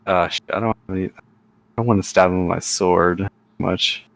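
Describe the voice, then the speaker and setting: Player, man, low voice, blunt, dry close sound. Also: steady tone, moderate pace, vocal fry, a bit bright, no room sound. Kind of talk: playing a tabletop game.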